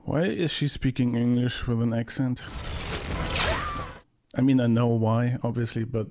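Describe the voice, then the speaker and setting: A man's voice: medium pitch, steady tone, measured pace, noisy background. Male movie reactor, casual, sarcastic and mocking. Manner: sarcastic, mocking, bursts of laughter.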